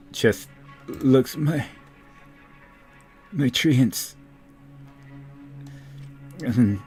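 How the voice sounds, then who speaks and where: A man narrating a tabletop game as game master, in a loose, rambling way. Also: lowish voice. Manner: loose, rambling, fillers and restarts.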